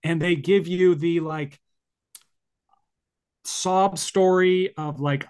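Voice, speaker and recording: A man's voice: on the high side, steady tone, slow, long pauses, a little mellow, smooth. A man hosting a podcast, talking casually and rambling with lots of fillers and restarts. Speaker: podcast host. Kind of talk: casual conversational podcast chat.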